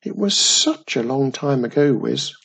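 A man voicing a warm, mysterious witch mother who speaks in a lively, reassuring way. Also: medium pitch, a little slow, vocal fry, slightly rough, exaggerated voice.

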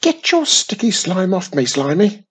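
Fields: Figure: man doing a squealing young witch. Pitch: very high. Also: sing-song, unhurried, slightly rough, exaggerated voice. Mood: upset. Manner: squealing, shrill and bouncy. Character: speedy excitable young girl witch.

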